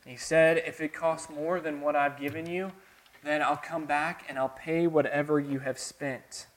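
A man from the American South preaching a sermon with a Southern accent, earnest, swinging between soft, quiet passages and emphatic, rising lines. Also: fairly high pitch, fairly even intonation, normal speed. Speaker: pastor.

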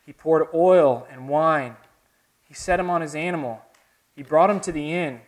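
A man from the American South preaching a sermon with a Southern accent, earnest, swinging between soft, quiet passages and emphatic, rising lines. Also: fairly high pitch, normal speed. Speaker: pastor.

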